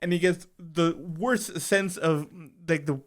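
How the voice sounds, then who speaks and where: A man co-hosting a casual show recap, retelling scenes in an animated way and acting out characters' lines. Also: fairly high pitch, slow pace. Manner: animated, acts out scenes in quoted voices. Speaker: podcast co-host. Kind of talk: casual chat.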